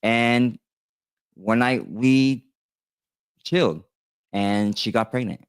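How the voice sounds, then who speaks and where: A tattoo artist in his thirties speaks slowly at a medium pitch, his tone clean and the sound free of echo. Talking right to his viewers, he rambles through a personal story, restarting often and leaning on fillers.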